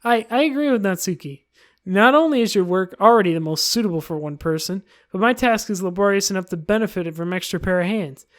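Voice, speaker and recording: A woman's voice: mid-range voice, animated, fairly quick, lightly acted. Woman putting on obsessive shy teen Yuri. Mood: timid. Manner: breathless, unsettling adoration.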